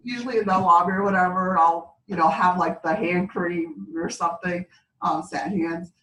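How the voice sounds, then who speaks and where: A woman's voice: fairly low pitch, fairly even intonation, moderate pace, fairly bright tone. A woman beauty consultant telling chatty stories at a sales meeting and laughing as she talks. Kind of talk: casual story-sharing at a sales meeting. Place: meeting room. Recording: echoey room, distant mic, faint background hum.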